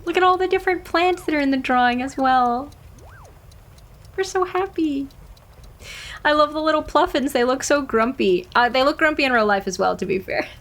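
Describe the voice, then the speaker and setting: A woman's voice: high-pitched, normal speed, a bit bright. A woman streaming a game, chatting casually and laughing often. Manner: giggly, chatty.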